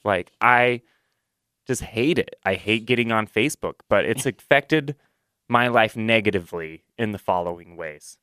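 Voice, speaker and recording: A man with a fairly low voice rants in an improvised comedy sketch, sarcastic and exasperated. The sound is close and dry. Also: moderate pace, pushed and bright, clear, resonant tone, no room sound. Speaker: sketch performer.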